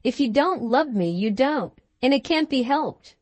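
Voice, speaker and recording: A woman voicing a meek, nervous young wife in a storybook, soft and hesitant. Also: high-pitched, expressive, unhurried, dry recording. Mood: plaintive. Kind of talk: storybook dialogue.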